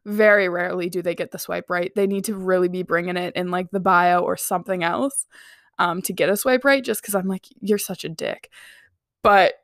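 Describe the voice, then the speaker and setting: A woman's voice: fairly low pitch, steady tone, brisk, fairly bright tone, no echo, clean studio sound. A young woman hosting a podcast alone, chatting casually and sarcastically, with lots of "like" and giggles. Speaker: podcast host. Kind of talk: casual solo podcast chat.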